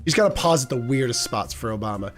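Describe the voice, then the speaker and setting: A man's voice: medium pitch, sing-song, quick pace, soft background music. A man streaming a game, chatting with viewers in a rambling, joking, self-deprecating way. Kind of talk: casual live-stream chat.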